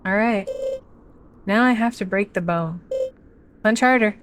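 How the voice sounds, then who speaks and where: A woman's voice: medium pitch, measured pace, slight background noise, natural voice. Woman voicing a devoted creature servant, anxious and tender, for a game. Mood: urgent. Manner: pleading, earnest.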